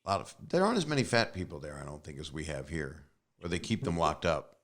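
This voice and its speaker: A man with a low voice hosts a podcast in loose, easygoing conversation. He rambles and keeps making jokes at his own expense. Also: big pitch swings, fast talker, a bit bright. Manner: rambling, self-deprecating joking. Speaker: podcast host. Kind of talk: casual chat.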